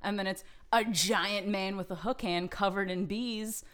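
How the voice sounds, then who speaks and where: A woman's voice: medium pitch, fairly even intonation, unhurried, a bit bright. A woman co-hosting a podcast, chatting casually and laughing easily. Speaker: podcast co-host.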